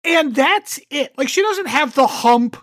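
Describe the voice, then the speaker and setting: A woman's voice: sits high, lively intonation, measured pace. A woman co-hosting a podcast, blunt and sarcastic in casual chat, swearing freely. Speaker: podcast co-host.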